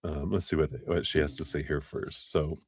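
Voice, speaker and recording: Deep-voiced guy doing a live tarot reading, rambly, laughs a lot, dry close sound. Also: fairly even intonation, normal speed, darkish tone, breathy edge, no room sound. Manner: chatty and rambling, laughs often. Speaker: tarot reader.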